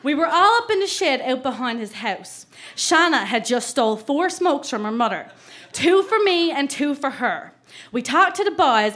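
A woman with a Newfoundland accent reading her childhood diary aloud on stage, laughing through her lively delivery. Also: fairly high pitch. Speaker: reader at a live storytelling show. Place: live venue stage.

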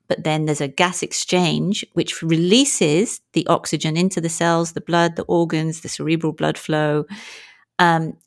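A woman guest on an interview talks in a candid, lively storytelling style. She jumps into quoted speech with plenty of energy. Her pitch sits slightly below the usual for women. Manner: animated and frank, acts out quoted speech. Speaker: guest, movement and breathwork coach.

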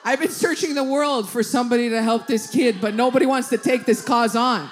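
A woman works a comedy stage, telling loud family stories full of swearing. Her lines land in short, punchy bursts. Faint background noise sits under the voice. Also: on the high side, a little fast, few pauses. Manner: brash, swearing, punchy storytelling. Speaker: stand-up comedian. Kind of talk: stand-up comedy set. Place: comedy club stage, audience laughing.

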